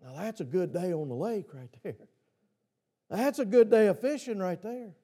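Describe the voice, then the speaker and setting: A man's voice: high-pitched, lively intonation, normal speed, dark tone, husky. A man preaching a sermon to his congregation, who keeps asking them questions. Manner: asks the congregation repeated questions. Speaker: pastor. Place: church.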